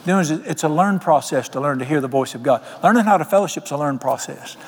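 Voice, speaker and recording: Folksy preacher in a reverberant hall. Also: male voice, fairly high pitch, animated, fast, slightly rough. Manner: folksy storytelling preacher, quotes people in voices, asks the congregation questions. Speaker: pastor. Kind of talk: sermon.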